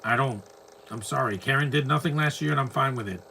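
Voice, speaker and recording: Bright-voiced opinionated man ranting. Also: mid-range voice, brisk, vocal fry, slight background noise. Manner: opinionated, ranting, rambling asides. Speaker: film commentary host. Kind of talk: casual film commentary over a movie.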